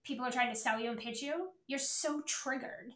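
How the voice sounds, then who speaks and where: A woman's voice: high voice, moderate pace, fairly bright tone, reverberant. A woman in her thirties hosting a business podcast, talking bluntly and profanely with impatient emphasis. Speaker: podcast host, business owner. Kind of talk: blunt motivational podcast monologue.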